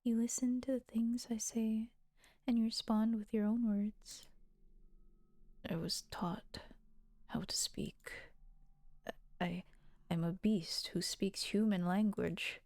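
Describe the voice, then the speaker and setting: A woman voicing a tormented, self-loathing male beast in a visual novel read-through, with a halting, stammering delivery. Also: mid-range voice, little pitch movement, a little mellow, dry recording, clean studio sound. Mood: uncertain.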